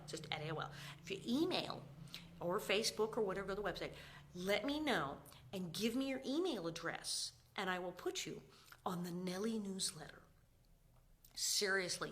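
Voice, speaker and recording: A woman in her fifties chatting casually on a live stream, telling stories with acted-out quotes and sudden drops into whispers. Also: on the low side. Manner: animated storyteller, acts out quotes, drops to whispers. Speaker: actress hosting a live stream.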